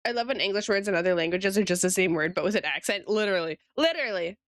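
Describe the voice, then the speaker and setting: A woman's voice: lowish voice, rapid-fire, fairly bright tone, no echo, clean studio sound. A woman streamer chatting casually with her viewers while she draws, giggling often and talking straight to chat.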